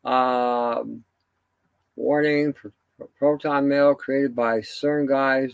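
A man's voice: mid-range voice, steady tone, drawn-out words, vocal fry, long pauses, clear, resonant tone, no room sound, dull audio. A man giving a rambling, indignant solo commentary, full of fillers and restarts.

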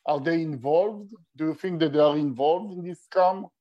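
A man interviewing a guest, hurried and apologetic, with broken grammar. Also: a little high, highs cut off. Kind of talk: interview questions.

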